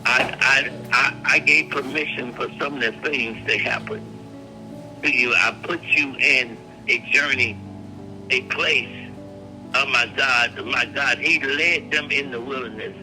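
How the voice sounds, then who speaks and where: A man preaching a fervent prophetic prayer, repeating words and phrases and swinging from hushed tones to shouts. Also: medium pitch, fairly even intonation, a little slow, faint music behind, rough recording.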